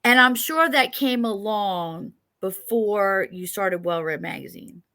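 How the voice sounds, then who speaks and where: This interview host is a New Yorker with the accent to match, and she keeps things chatty, jokey and rambling in a casual conversation. She speaks slowly in a mid-range voice with a sharp edge.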